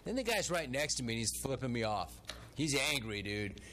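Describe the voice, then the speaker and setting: On his talk radio show, a man with a medium-pitched, sing-song, slightly bright voice speaks fairly quickly over slight background noise. He rants through stories and listener gripes, playing out all the dialogue on his own.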